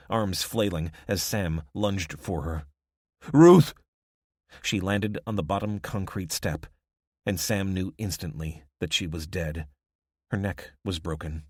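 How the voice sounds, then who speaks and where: Brief: male narrator, deep, measured scripted audiobook delivery, dry sound. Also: no room sound. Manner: steady, measured storytelling.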